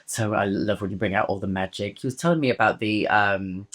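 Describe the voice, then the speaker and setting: A woman's voice: rumbling low, a little fast. A woman hosting a casual interview, affirming and gushing toward her guest. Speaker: podcast host.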